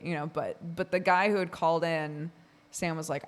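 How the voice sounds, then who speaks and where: A woman's voice: low-pitched, steady tone, fairly quick. A woman streamer from Oregon chatting casually with her audience, rambling with lots of fillers and frequent laughs. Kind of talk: casual chat with chat.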